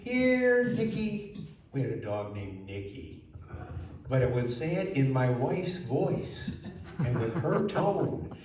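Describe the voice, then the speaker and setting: A man telling a children's story in a lively way, asking the listeners questions. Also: medium pitch. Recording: very echoey room, mic far off, faint noise.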